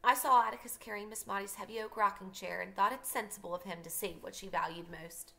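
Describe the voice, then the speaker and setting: A woman teacher reading a novel aloud for her class, pausing to explain passages to students. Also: medium pitch, steady tone, vocal fry, sharp tone.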